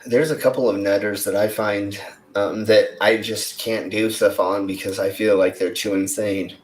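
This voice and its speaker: A man's voice: on the low side, steady tone, moderate pace. Male co-host, casual chat, rambling delivery full of fillers. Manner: rambling, many fillers and restarts. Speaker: podcast co-host. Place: Denver, United States.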